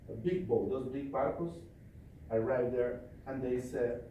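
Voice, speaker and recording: A male trainer telling a story at a live seminar in a forceful, commanding, repetitive way. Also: medium pitch, moderate pace, a little hiss or hum. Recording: echoey hall from far off.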